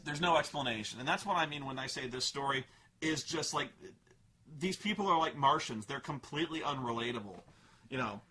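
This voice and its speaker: A man reviewing a film in a comedic, profane rant, exasperated and animated, full of "like" fillers. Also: medium pitch, a little fast. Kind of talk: comedic rant about a movie.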